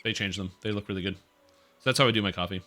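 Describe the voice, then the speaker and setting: Male streamer, casual rambling chat, lowish bright voice, faint music bed. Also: quick pace. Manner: rambling, chuckles often, talks to his cat.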